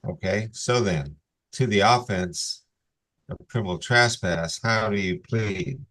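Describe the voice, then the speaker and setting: A man presiding as judge over a court hearing on a video call, reading legal warnings in a measured, formal cadence. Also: lowish voice, fairly bright tone.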